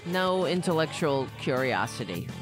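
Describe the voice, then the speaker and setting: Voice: mid-range voice, very animated, measured pace, over music. A podcast host giving blunt, rambling political commentary, full of restarts. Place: lives in Queens, New York.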